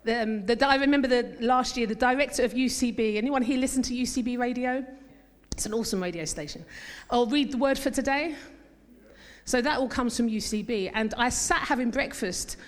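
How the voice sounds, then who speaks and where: A woman pastor delivers a sermon with an emphatic, call-and-response drive. Her voice sits fairly high, and a long reverb from the church hall trails after her words. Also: a little fast. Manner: emphatic, calls congregation to repeat phrases.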